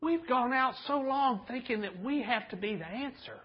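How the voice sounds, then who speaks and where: A man with a high, husky voice preaches in a loose storytelling way, cracking jokes and slipping into the voices of the people he describes. The sound is a little dull and muffled. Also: lively intonation, moderate pace. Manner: folksy and joking, acts out voices in stories. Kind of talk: storytelling sermon.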